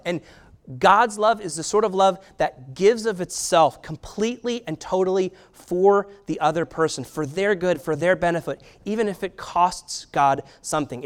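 A man preaching a sermon in a conversational way, with filler words and rhetorical questions. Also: on the high side. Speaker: pastor.

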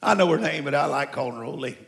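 A man in his seventies from Mexico, preaching a sermon to a congregation with folksy, animated storytelling that breaks into shouts. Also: medium pitch, rapid-fire, vocal fry. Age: 70s.

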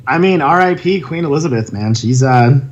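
A man's voice: medium pitch, animated, fairly quick, muffled recording. A man co-hosting a podcast, chatting casually and animatedly, laughing often and slipping into silly voices. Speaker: podcast co-host. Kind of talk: casual chat.

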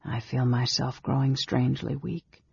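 Whispering, sickly mage man, bitter, played by an audiobook reader, very husky and gravelly, on a dull, dry recording. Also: mid-range voice, moderate pace, a little mellow, exaggerated voice. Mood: weak, whispering. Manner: whispering, weak and labored. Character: frail, sickly, bitter young male mage.

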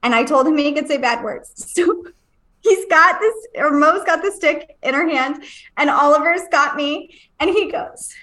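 High bright-voiced woman telling a story. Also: normal speed, roomy sound. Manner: animated, laughing, acts out voices, swears freely. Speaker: podcast co-host. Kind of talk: casual storytelling chat.

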